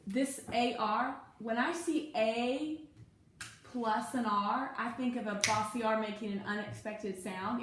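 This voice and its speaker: A woman's voice: fairly high pitch, measured pace. A woman tutoring a student one-on-one in reading, patiently coaching and asking guiding questions. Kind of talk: one-on-one phonics lesson. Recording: very echoey room, faint noise.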